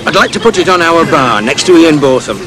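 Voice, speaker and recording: An actor plays a chatty, nosy landlord, awkwardly friendly. His voice is fairly high and lilting, with clear outdoor noise and a passing boat behind him. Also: animated, brisk, natural voice. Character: chatty, nosy pub landlord, middle-aged man.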